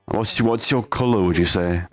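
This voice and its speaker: This is a low-voiced young man talking in character during a relaxed roleplay session. He rambles along easily and often restarts mid-sentence, with faint music playing behind him. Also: normal speed, no echo. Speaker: roleplay streamer.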